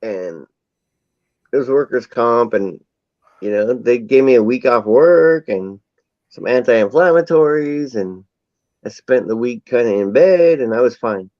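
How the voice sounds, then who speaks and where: A man's voice: mid-range voice, lively intonation, unhurried, dry recording. A man telling a long rambling anecdote in casual chat. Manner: rambling anecdotal storytelling with acted quotes. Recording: dull lo-fi sound.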